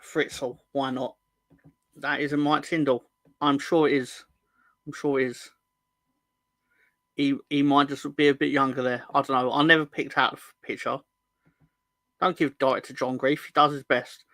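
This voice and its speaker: A man's voice: mid-range voice, flat delivery, normal speed, pauses often, bright, forceful tone, dry recording. A man hosting a football fan livestream in casual chat, rambling and joking, often correcting himself mid-sentence. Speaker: host of a football fan show.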